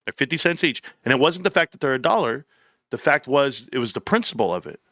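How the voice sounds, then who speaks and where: A man hosting a live stream, telling stories in an animated, slangy, emphatic way. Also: mid-range voice, fast talker, no echo, studio quality. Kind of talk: casual live-stream chat.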